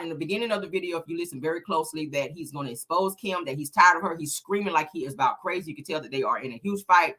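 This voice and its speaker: Woman host, blunt sassy gossip commentator, lowish voice with a bright, forceful edge. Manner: sassy and blunt, addresses the audience as "honey" and "y'all". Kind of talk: casual celebrity gossip commentary.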